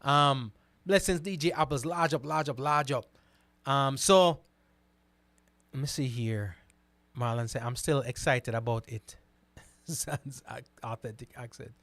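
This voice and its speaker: A man of middle pitch hosts a casual commentary, reading out comments and answering them. He repeats words and keeps asking "right?". The sound is dry and close. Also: unhurried, long pauses, no room sound. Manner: animated, repeats words, asks "right?" often. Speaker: host.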